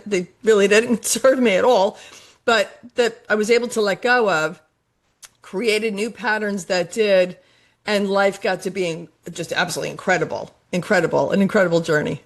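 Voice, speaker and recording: A middle-aged woman, a life coach guest on a podcast interview, talking earnestly and repeating her points for emphasis. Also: mid-range voice. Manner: earnest, repetitive, emphatic about affirmations.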